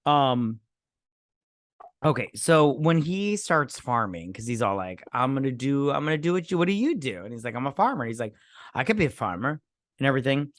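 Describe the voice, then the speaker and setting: A man's voice: medium pitch, expressive, moderate pace, no echo, studio quality. A man co-hosting a drinking movie review show, rambling and swearing as he acts out scenes in raised voices. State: drinking while talking. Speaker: podcast co-host. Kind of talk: casual movie review chat.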